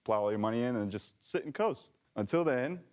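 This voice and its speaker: A man's voice: medium pitch, expressive, fairly quick, noisy background. A man on a comedy news panel, talking casually with wry, offhand jokes.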